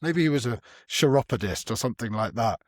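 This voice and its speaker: A man's voice: medium pitch, lively intonation, a little fast, dry recording. Wry male podcast host, dry sound. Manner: wry, playful interviewer. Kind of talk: casual chat.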